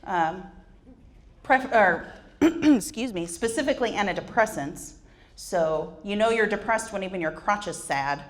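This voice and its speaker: Slow, wry woman in her forties. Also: medium pitch, expressive, slight background noise. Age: 40s. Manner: wry, self-deprecating, laughs at her own jokes. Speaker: conference speaker. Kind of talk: comedic personal storytelling. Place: conference stage.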